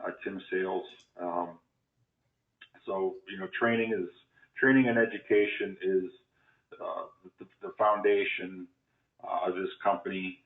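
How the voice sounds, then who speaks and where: A man pitching a home business opportunity on a phone call, hesitant and full of fillers. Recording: tinny phone line in an echoey room.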